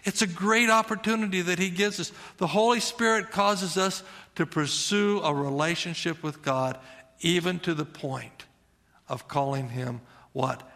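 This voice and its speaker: A man's voice: sits high, measured pace, sharp tone, long reverb tail. A middle-aged male pastor preaching a sermon in an earnest, conversational way, repeating his phrases for emphasis.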